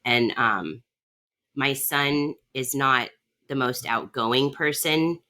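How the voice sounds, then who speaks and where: Low-voiced woman rambling through a story on a podcast, lots of "you know". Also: takes it slowly, sharp tone. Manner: chatty storyteller, many fillers. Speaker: podcast host. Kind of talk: casual chat.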